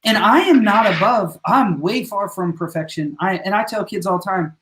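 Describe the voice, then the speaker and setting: A man's voice: high-pitched, moderate pace, fairly bright tone, slight background noise. A man who works as a school principal, telling earnest stories in a casual podcast conversation and acting out what his students say. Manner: earnest storyteller, acts out quotes of students.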